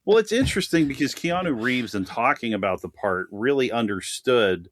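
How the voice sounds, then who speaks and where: A man's voice: mid-range voice, animated, moderate pace. A man chatting animatedly as a guest on a film podcast, laughing often and talking at length. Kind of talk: casual podcast chat.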